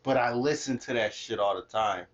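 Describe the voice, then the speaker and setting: A man's voice: mid-range voice, normal speed. A man co-hosting a podcast in casual chat, laid-back and blunt, with a lot of profanity. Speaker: podcast co-host. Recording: dull lo-fi sound.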